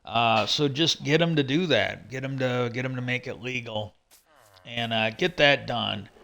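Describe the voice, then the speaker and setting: A man's voice: medium pitch, a little slow, vocal fry, sharp tone. A middle-aged man hosting a livestream, rambling in casual chat and swearing freely as he retells what he heard. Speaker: livestream host.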